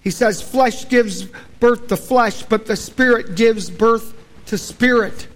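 A man preaching a sermon in a folksy, storytelling way, dropping low and quiet for solemn points. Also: takes it slowly. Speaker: pastor.

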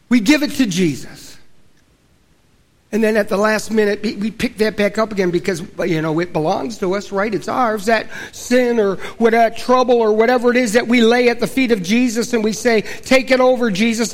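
Male pastor, high voice, casual storytelling sermon delivery. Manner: folksy storytelling preacher, dropping low and quiet for solemn points.

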